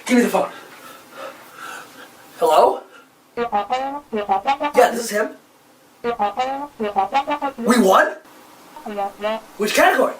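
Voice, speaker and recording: A man playing a brash, hot-headed loudmouth. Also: very high-pitched, very slow, pauses often, faint music behind, heavily acted. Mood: stunned. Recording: roomy and distant from the mic.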